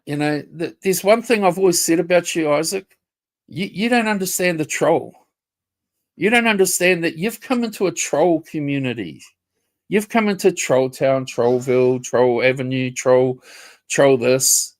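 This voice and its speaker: A man's voice: fairly high pitch, a little slow. Sweary New man ranting. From New Zealand. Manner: confrontational, swears a lot, repeats himself. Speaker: livestreamer. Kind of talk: casual livestream rant.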